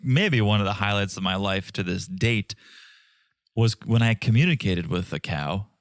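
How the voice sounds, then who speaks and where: A man's voice: on the low side, normal speed, dry recording, clean studio sound. A man in his thirties from Connecticut, co-hosting a casual podcast chat in a playful, jokey way. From Connecticut, USA. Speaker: podcast co-host.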